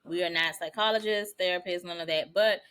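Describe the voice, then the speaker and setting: A woman co-hosting a podcast in casual chat, talking in a relaxed, slangy way with laughing asides. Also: lowish voice, a little fast, clean tone. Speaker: podcast co-host.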